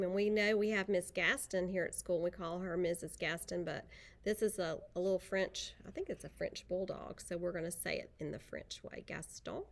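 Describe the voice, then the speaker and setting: A woman's voice: mid-range voice, vocal fry. A woman teacher reading a picture book aloud to young children, chatty and playful, stopping to talk about the pictures.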